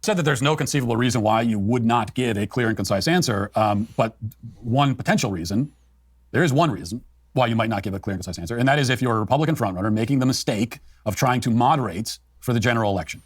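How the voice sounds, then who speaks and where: A man's voice: mid-range voice, fast talker, no echo, studio quality. A man giving political commentary as a co-host, in an emphatic, argumentative way.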